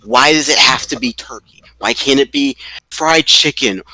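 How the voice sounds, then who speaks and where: A man's voice: medium pitch, normal speed, pushed and bright, low-quality recording. A man co-hosting a podcast, chatting casually and ranting with profanity and emphasis. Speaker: podcast co-host. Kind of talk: casual chat.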